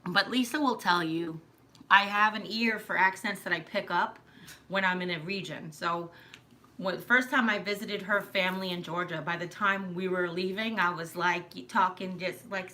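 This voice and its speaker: Woman, New York accent, bright clear tone, rambling live stream chat. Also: on the low side, moderate pace. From New York, Long Island. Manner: rambling, self-interrupting, laughs often.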